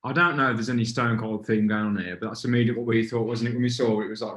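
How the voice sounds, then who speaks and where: A man's voice: lowish voice, fairly even intonation, very fast, few pauses, fairly bright tone, reverberant, slight background noise. A man hosting a casual beer review in a pub, rambling and stopping to restart his thoughts. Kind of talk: casual chat.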